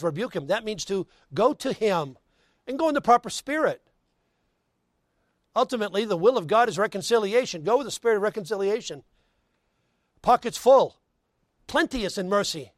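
Male pastor, high voice, dry close sound, emphatic sermon delivery, folksy asides. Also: no echo. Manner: emphatic preaching that swings loud then hushed; folksy asides between scripture readings. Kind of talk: sermon with closing prayer and altar call.

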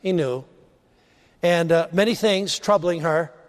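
A man preaching a sermon, rising to emphasize points and dropping low and quiet on key phrases. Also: a little slow, long reverb tail.

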